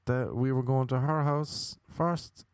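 A man's voice: mid-range voice, fairly even intonation, slow pace, smooth, dry recording, studio quality. A young Irish man hosting a comic podcast, rambling through self-mocking stories and plugs with jokey asides. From Ireland. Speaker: podcast host and comedian.

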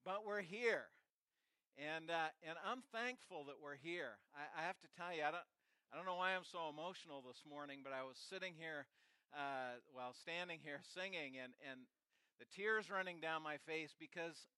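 A middle-aged male pastor giving an earnest, emotional sermon, often halting and restarting. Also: a little high, bright, forceful tone, clean tone, dry recording.

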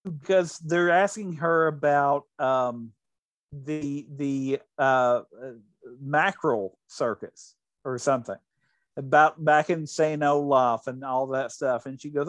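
Guy with a kinda high voice rambling through stories, dry close sound. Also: slow, no room sound. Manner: rambling, with frequent restarts and animated retellings. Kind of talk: casual chat, retelling anecdotes.

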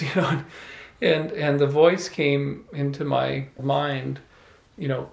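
A man telling a personal story to a small audience, animated, often laughing and restarting his words. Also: mid-range voice, unhurried, vocal fry. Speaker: salon speaker. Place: room with a small live audience. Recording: echoey room.

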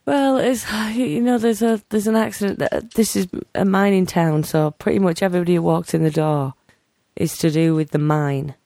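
Gravelly podcast co-host retelling a plot. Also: mid-range voice, steady tone, moderate pace, mellow, no room sound, clean studio sound. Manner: recaps the plot, acting out quoted lines. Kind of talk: casual discussion.

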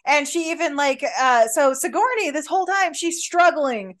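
A woman's voice: high-pitched, animated, normal speed. A woman co-hosting a podcast, casually recapping a movie with wry, exasperated asides. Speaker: podcast co-host.

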